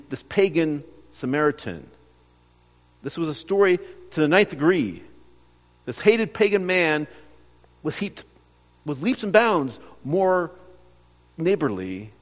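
A man's voice: fairly high pitch, in a large hall, dull audio. A man preaching a sermon, earnest, often repeating words and restarting phrases as he presses his point. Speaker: pastor.

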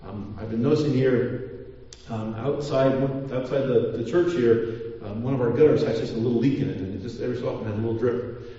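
Rambling pastor in an echoey church. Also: male voice, medium pitch, steady tone, brisk, dark tone. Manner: rambling with many restarts and fillers. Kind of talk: sermon. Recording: echoey church hall, mic far off, dull.

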